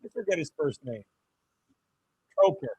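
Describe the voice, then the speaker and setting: A man hosts a casual watchalong stream and reacts to the game as it happens. His voice sits high for a man. He talks excitably, swears freely and keeps throwing asides to his chat. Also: normal speed, vocal fry, breathy edge, poor audio. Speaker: livestream host. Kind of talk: casual sports watchalong commentary.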